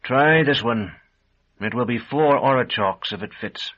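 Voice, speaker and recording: A man voicing a nervous, servile middle-aged shopkeeper in an audiobook, pitched higher and louder than his narration. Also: unhurried, close to an everyday voice. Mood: resigned. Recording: dull lo-fi audio.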